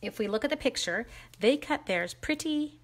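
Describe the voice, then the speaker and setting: There's a little background noise as a woman with a slightly high, expressive voice runs a live crafting stream at normal speed. She names viewers as she greets them and makes self-deprecating jokes about her errors.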